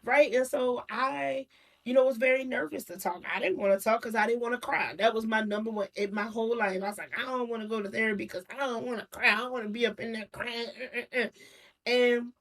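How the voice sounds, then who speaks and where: A woman's voice: a little high, steady tone, fairly quick, fairly bright tone. Candid young woman, laughing as she talks. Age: young adult. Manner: candid, laughs often, many restarts. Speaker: guest. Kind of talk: casual personal chat.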